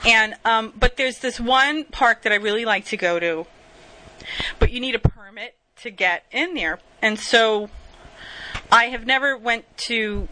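A woman's voice: fairly high pitch, a little slow, pushed and bright, poor audio. A woman telling rambling stories in a casual monologue, laughing at herself and swearing freely.

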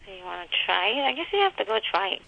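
A woman's voice: mid-range voice, very animated, very fast, vocal fry. A woman talking in a casual chat, chatty and a bit hesitant. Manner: chatty, hesitant, laughs easily. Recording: slightly dull lo-fi with faint noise.

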